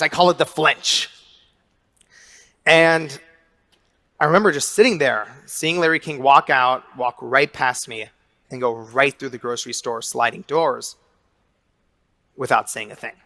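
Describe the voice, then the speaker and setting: A young man in his twenties, an author telling a story to an audience, animated and acting out his own shouts. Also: on the high side. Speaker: author and speaker.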